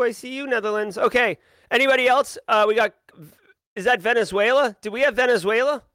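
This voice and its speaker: A man hosting a live stream, casually chatting and giving energetic, playful shout-outs to viewers. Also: high voice, fairly quick, no room sound. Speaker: livestream host.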